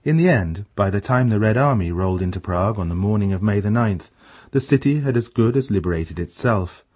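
A male radio host giving measured, scripted documentary narration. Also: on the low side, a little mellow, slightly rough. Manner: measured, explanatory.

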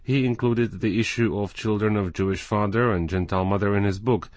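A man narrating a scripted radio news feature as the reporter, reading in an even, measured way. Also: lowish voice, dry recording.

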